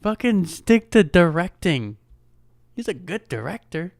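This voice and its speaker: A young man chats alone on his podcast in an unhurried, drawn-out way, his voice sitting a little high. He rambles, jokes and swears freely, with "dude" and "man" in nearly every sentence. The sound is dry and close. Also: big pitch swings, vocal fry, dry recording. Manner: laid-back, rambling, frequent "dude" and "man"; swearing, joking, chuckling. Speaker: podcast host. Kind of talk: casual solo podcast chat.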